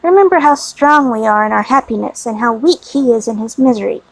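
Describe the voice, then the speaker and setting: A woman reading the part of a gentle, devoted young wife who speaks with tender earnestness. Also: on the high side, animated, a little fast, no room sound, poor audio.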